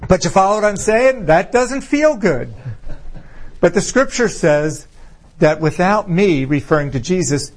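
Conversational preacher man with lively questions. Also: high-pitched, a little hiss or hum. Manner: conversational, rhetorical questions, swings between slow emphasis and quick asides. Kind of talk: informal sermon to a fellowship.

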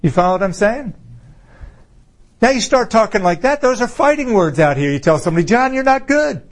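Conversational preacher man with lively questions. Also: high-pitched. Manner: conversational, rhetorical questions, swings between slow emphasis and quick asides. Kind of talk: informal sermon to a fellowship.

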